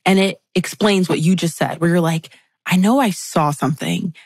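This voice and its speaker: A woman guest on a podcast, explaining friendship dynamics in a lively conversational way and acting out quoted remarks. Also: lowish voice, moderate pace, no room sound. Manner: animated, acts out catty quotes.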